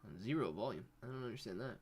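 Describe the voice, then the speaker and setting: Man streaming live with allergies, lively pitch swings, rambling and casual. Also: fast talker, slight background noise. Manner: rambling, animated, talks to viewers. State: coughing and sneezy from allergies. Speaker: livestream host. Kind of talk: casual livestream commentary.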